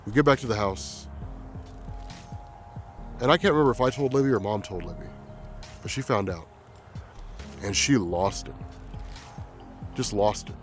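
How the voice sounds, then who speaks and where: A man quietly telling a personal story in a halting, reflective way. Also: on the low side, faint music behind. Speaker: vlogger.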